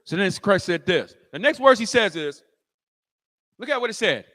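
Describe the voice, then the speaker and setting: High, bright-voiced preaching man. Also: moderate pace, big-room sound. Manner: animated storytelling, acting out the scene, rising to shouts. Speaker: pastor. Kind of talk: sermon.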